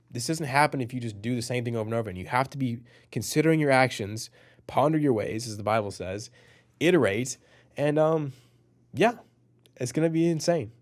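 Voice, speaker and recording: Teaching an online copywriting course straight to camera, this man in his twenties sounds earnest and motivational but uses many fillers in his casual delivery. He has a mid-range voice with a darkish tone.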